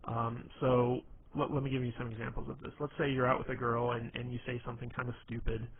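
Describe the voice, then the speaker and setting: A man's voice: medium pitch, little pitch movement, fast. A man giving casual dating advice in a rambling way, full of fillers and restarts. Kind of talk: casual instructional talk. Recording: tinny phone-like audio with faint noise.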